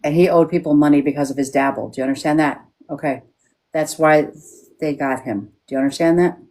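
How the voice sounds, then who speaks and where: A woman's voice: low-pitched, fairly even intonation, brisk, warm tone. A woman working as a psychic medium on a live stream, frank and checking in with yes-or-no questions.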